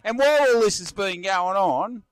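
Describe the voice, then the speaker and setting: A forceful Australian man in his fifties rants and rambles in a pub chat, repeating himself and throwing "mate" at the end of his lines. His voice sits high for a man and sounds smooth and resonant. It is recorded close and dry, with no room around it. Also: lively intonation, normal speed, no echo. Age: 50s. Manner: forceful ranting, rambling, repeats words, calls everyone mate. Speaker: guest. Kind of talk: blunt opinionated pub chat.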